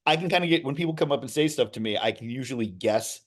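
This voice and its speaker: A middle-aged man, an actor being interviewed, telling stories in a lively, rambling way with many restarts and asides. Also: mid-range voice, fast. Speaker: actor, guest. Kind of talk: casual interview storytelling.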